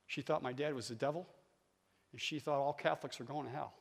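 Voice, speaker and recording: A man in his sixties preaching a sermon as a guest speaker, telling stories and calling on the audience, swinging from quiet talk to shouting. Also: medium pitch, fairly even intonation, fast, creaky, slightly rough. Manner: storytelling, calls on the audience. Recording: long hall reverb.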